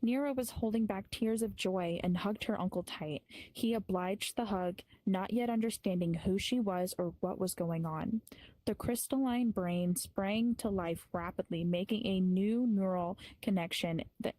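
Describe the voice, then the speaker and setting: A woman with a mellow, dark-toned voice narrates an improvised story, recorded close and dry. She sometimes trips over names and restarts words, then carries on. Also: medium pitch, dry recording, poor audio. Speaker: improv performer.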